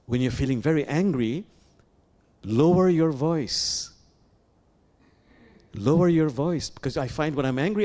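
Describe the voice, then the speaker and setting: A man leading a sermon as imam, speaking in an animated way with repeated phrases and questions to the listeners. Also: mid-range voice. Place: sanctuary.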